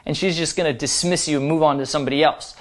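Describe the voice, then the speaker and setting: A man's voice: a little high, steady tone, quick pace. A man giving dating advice as a coach, explaining in a playful, upbeat way. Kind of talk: instructional talk to camera.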